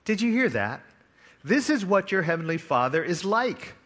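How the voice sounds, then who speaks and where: Bright-voiced man preaching a sermon. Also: high voice, sing-song, normal speed. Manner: storytelling with dramatic swings from hushed to loud. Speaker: pastor.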